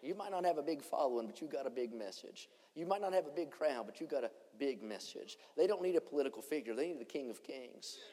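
A man preaching a revival sermon, swinging between shouted lines and hushed ones. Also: medium pitch, expressive, quick pace, few pauses. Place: church conference hall. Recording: long church hall reverb.

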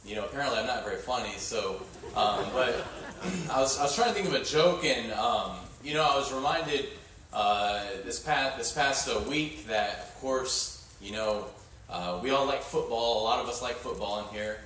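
Halting, folksy preacher in an echoey hall. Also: male voice, mid-range voice, a bit bright. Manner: halting, folksy, many fillers. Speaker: pastor. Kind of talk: sermon. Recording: echoey church hall from far off.

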